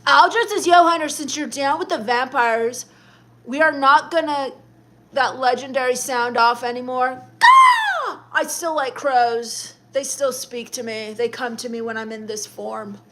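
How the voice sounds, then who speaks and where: A high-pitched young woman reads her chat on a livestream. She answers viewers with sassy, snappy comebacks. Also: unhurried, a bit bright, a little hiss or hum. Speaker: live streamer. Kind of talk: in-character comedy livestream reading chat.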